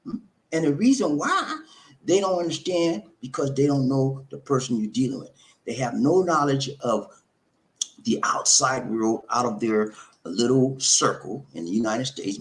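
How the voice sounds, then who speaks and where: A man's voice: medium pitch, normal speed. A middle-aged man hosting a live advice talk, preachy and repetitive, calling viewers his friends. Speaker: host of a relationship channel.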